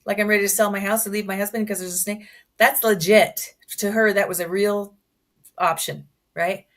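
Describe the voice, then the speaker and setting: A woman guest on a show, chatting casually and chiming in quickly and upbeat. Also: mid-range voice, fairly even intonation, a bit bright. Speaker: guest hypnotist. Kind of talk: casual chat.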